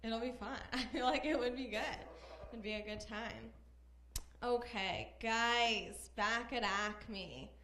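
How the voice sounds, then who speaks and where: Woman doing standup, talks slow and easy, echoey room. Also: on the high side, fairly even intonation, bright, forceful tone, slight background noise. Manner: unhurried, self-aware banter with the crowd. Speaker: stand-up comic. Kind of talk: stand-up set. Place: comedy club stage.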